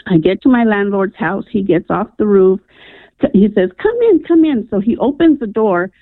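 Over a tinny, dry telephone line, a radio caller earnestly shares a personal story, full of "um" and "I'm like." She speaks at medium pitch and a moderate pace, with no echo.

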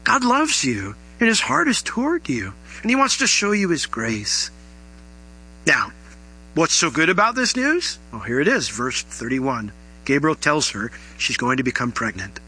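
A man's voice: a little high, very animated, a little slow, bright, forceful tone, slightly rough, poor audio. A man preaching a sermon to his congregation in an earnest, conversational way, asking the listeners rhetorical questions. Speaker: pastor.

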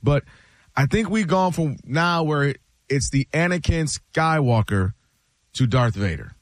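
A man hosting a sports talk show, telling his case with lively acted-out quotes and reactions. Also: a little slow, no room sound. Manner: lively storytelling, acts out quoted reactions in high voices. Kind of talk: animated sports debate chat.

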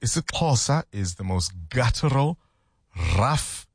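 A South African man hosts a radio talk show in an easy, chatty way. His voice is a little husky and the sound is dry and close. He laughs easily between remarks. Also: medium pitch, expressive, slow pace, no room sound.

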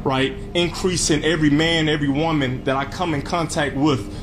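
A man's voice: on the high side, steady tone, normal speed. A man speaking earnestly in a played interview clip. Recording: noisy clip with background ambience.

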